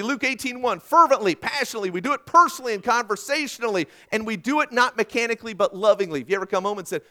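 A male pastor delivers a sermon conversationally, weaving in personal stories and swinging between loud, emphatic lines and hushed ones. His voice sits high, and he is very animated and brisk.

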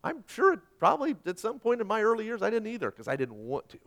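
A middle-aged man preaching a sermon as pastor, emphatic and repetitive, moving between loud and quiet. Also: high voice, wildly swooping pitch, fast.

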